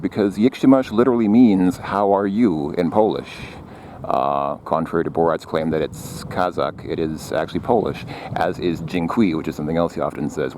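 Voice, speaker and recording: A man's voice: low-pitched, a little mellow, slight background noise. A man walking through a city as a travel vlogger, talking casually and rambling, with many fillers and restarts. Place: outdoors on city streets.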